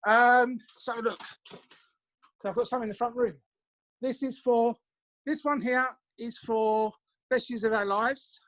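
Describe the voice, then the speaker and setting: Chatty English musician telling stories at home. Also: male voice, very high voice, steady tone, fairly bright tone. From England. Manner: chatty, anecdotal, quick asides. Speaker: musician guest. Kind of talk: casual interview chat. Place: his home.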